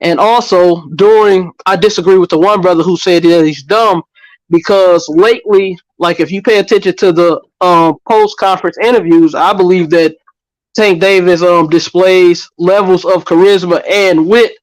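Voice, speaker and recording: A man's voice: high voice, fairly even intonation, moderate pace, no echo, rough recording. A man in a barbershop talk, arguing earnestly and insisting on his point, repeating himself when challenged. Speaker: barbershop panelist. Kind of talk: casual debate.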